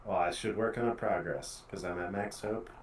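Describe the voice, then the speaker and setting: A man's voice: low-pitched, moderate pace, far from the mic, a little hiss or hum. A man playing in a tabletop game, joking and asking questions about the rules. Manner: joking and questioning, laughs easily. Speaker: player. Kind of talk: casual tabletop game chat. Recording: echoey, away from the mic.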